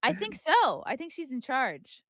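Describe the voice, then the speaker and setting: A woman's voice: sits high, very animated, a little slow, a bit bright, dry recording. A woman hosting a podcast in casual chat, dry and sarcastic. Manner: dry, sarcastic, passive-aggressive. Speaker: podcast host.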